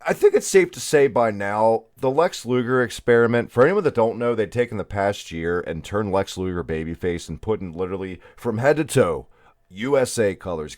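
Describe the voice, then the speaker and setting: Male podcast guest, low voice, animated and wry, dry close mic. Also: dry recording. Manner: opinionated, wry storyteller. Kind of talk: casual chat.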